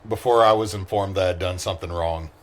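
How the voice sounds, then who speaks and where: A man's voice: low-pitched, fast. A man running a tabletop game as its game master, laid-back and swearing freely. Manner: laid-back, swears freely, reads setup in a flat briefing tone.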